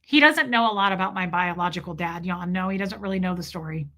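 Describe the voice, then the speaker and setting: A woman in her thirties telling an emotional personal story about her family, speaking haltingly with restarts. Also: fairly low pitch, bright, forceful tone. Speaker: vlogger.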